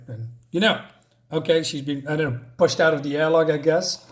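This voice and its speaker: Guy rambling thru a comic recap, lots of ums, a bit high voice. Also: steady tone, a little fast. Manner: rambling, many fillers and restarts. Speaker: comic reviewer. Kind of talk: casual comic book recap.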